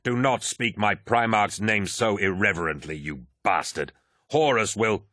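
A man's voice: fairly low pitch, unhurried, sharp tone, dry recording, clean studio sound. A man voicing a proud, condescending warrior lord. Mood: angry. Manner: arrogant, condescending.

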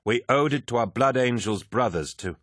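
A man voices a proud, indignant equerry who speaks formally, pitching his mid-range voice above his natural one. His delivery has lively intonation at a moderate pace and a slightly bright tone, in clean studio sound with no echo.

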